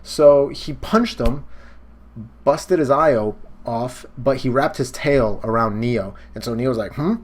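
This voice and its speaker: Young man, host, casual comic reaction, excitable, swears, sound effects, middle pitch. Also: slow. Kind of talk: casual manga reaction commentary.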